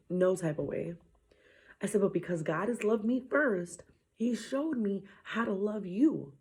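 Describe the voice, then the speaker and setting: A woman with a husky, slightly breathy voice tells a story about her children in a casual faith talk. She acts out what she said to them and slips into hushed whispers now and then. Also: medium pitch, takes it slowly. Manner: animated retelling, dropping to a whisper at times. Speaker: mother sharing a faith message.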